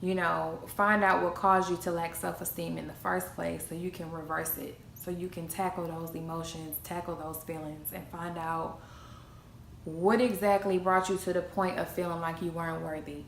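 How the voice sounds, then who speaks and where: A woman's voice: on the low side, steady tone, moderate pace, vocal fry, a bit bright. A young adult woman giving an emphatic motivational talk about self-esteem, repeating her key phrases like a preacher. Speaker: motivational vlogger. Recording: echoey room, faint noise.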